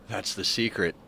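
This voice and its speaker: A man's voice: lowish voice, vocal fry, bright, forceful tone, a little hiss or hum. A man streaming a game, chatting casually in a rambling, profane way and laughing often. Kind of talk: casual gaming stream chat.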